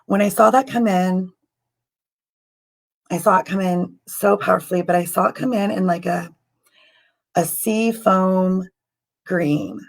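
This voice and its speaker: A woman with a slightly low voice leads a spiritual meditation on a live stream. She speaks softly and haltingly, with many ums, and she is tearful and emotional. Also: fairly even intonation, gravelly, low-quality recording. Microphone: computer mic on a live stream.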